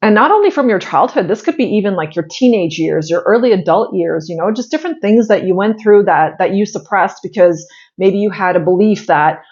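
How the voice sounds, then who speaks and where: A woman's voice: medium pitch, expressive, a little fast, darkish tone, lo-fi sound. A woman in her thirties hosting a spiritual astrology channel, giving viewers a casual, heartfelt pep talk full of "like" fillers and the odd blunt swear.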